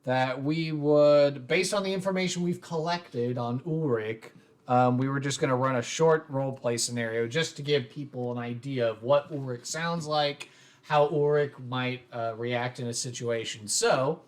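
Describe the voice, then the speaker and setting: Casual and rambling, this game master and podcast host talks about his tabletop role-play show at normal speed in a mid-range voice. His speech is heavy with fillers and he often restarts sentences.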